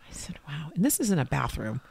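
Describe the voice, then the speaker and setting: A middle-aged woman shares a heartfelt story in an interview, her voice carrying a gravelly edge. She acts out old conversations with feeling, in a dry, close recording. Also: sits low, big pitch swings, fast talker, a little mellow, no echo. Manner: emotional storytelling, acting out dialogue. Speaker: interview guest. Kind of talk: personal faith story in conversation.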